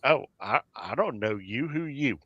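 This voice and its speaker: A man voicing a boisterous older man with a Southern accent who exclaims loudly and excitedly. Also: mid-range voice, measured pace, breathy edge, dry recording, dull audio. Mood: astonished.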